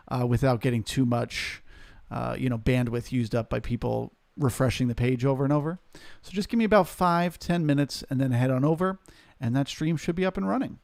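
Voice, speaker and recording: Man, live trading commentary, casual and explanatory, slightly fry-laden, dead dry room. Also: medium pitch, a little mellow, no room sound. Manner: casual, explanatory, market jargon. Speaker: trading stream host.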